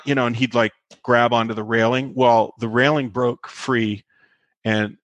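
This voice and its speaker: A man's voice: medium pitch, no echo. A man casually telling anecdotes from a film set, acting out quotes with lots of fillers. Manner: animated storyteller, acts out quotes, many fillers. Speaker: guest telling set stories. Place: home with a set replica chair.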